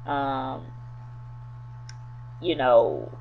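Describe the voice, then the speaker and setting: Woman reviewer, low voice, chatty rambling recap, tinny phone-like audio. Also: sing-song, very slow, vocal fry. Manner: rambling, loose retelling with many fillers. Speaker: TV episode reviewer. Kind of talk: casual spoken episode recap. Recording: tinny phone-like sound with faint hum.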